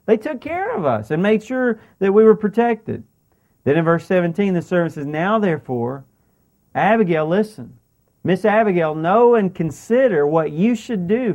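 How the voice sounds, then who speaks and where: A man preaching a sermon, animatedly acting out what the characters say and putting questions to the congregation. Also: sits high. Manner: animated, acts out the characters' lines in paraphrase. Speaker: pastor.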